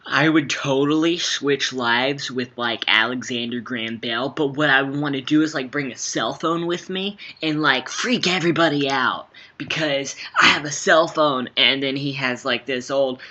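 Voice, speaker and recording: A young man answering fun interview questions in a playful, jokey way, swinging between quiet asides and loud bursts. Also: medium pitch, moderate pace, few pauses. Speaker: interviewee, actor. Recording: slightly dull sound with faint background noise.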